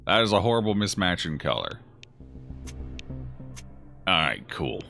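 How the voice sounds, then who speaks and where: Lively, bright-voiced male game streamer. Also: sits low, a little slow, vocal fry, long pauses, faint music behind. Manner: chatty and jokey, reacting aloud to chat. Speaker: gaming streamer. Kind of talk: casual let's-play commentary answering chat.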